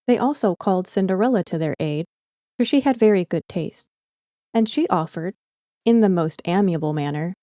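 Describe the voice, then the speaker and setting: A woman reading a fairy tale aloud in a calm, gentle audiobook narration. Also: mid-range voice, dry recording, studio quality.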